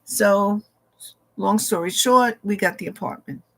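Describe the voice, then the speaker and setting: A woman recounts a ghost story from her own life in a relaxed, conversational way. She takes her time, speaking slowly at a middle pitch, and drops in "he goes" and "I said" as she acts out each exchange. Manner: acts out dialogue with "he goes, I said" asides. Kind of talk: casual spoken ghost story.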